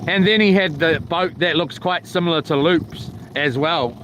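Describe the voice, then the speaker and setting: Outdoors by a lake, with a noisy background, a vlogger from New Zealand shares a casual story. His voice is on the high side at a moderate pace, and his telling is rambling and colloquial, with loud impressions of others.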